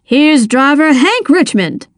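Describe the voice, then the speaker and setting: A woman voicing a male radio race announcer in an audiobook, with a brisk broadcast delivery. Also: sits high, very animated, no room sound, studio quality, voice pushed up, heavily acted. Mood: excited.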